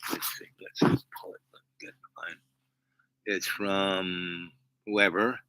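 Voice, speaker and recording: A man's voice: deep voice, level tone, slow pace, pushed and bright, dry recording, low-quality recording. A man hosting a livestream, telling a meandering story to his chat with many fillers and restarts. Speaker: livestream host.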